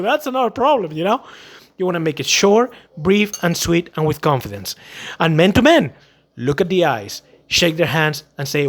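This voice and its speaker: A man with a notably high speaking voice gives casual, emphatic advice about selling and customer service. He talks in an animated way, often slipping into little acted-out scenes to make his point. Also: moderate pace. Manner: animated, acts out quotes, emphatic. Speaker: vlogger giving sales advice.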